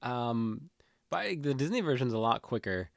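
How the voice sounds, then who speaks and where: A man's voice: medium pitch, moderate pace, creaky. A man co-hosting a podcast, talking casually and laughing as he speaks. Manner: animated, laughing while talking. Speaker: podcast co-host. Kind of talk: casual chat.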